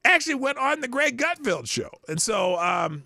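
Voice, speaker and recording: A man's voice: very high voice, sing-song, moderate pace, vocal fry, bright, forceful tone, no room sound, clean studio sound. A man hosting a livestream, reacting casually to clips and chat with frequent laughs. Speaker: livestream host.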